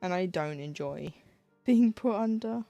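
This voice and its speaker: A woman's voice: on the low side, expressive, measured pace, vocal fry, dark tone, no room sound, faint music behind. A woman chatting casually on a live stream while she stitches, acting out little quoted exchanges with a self-deprecating humor.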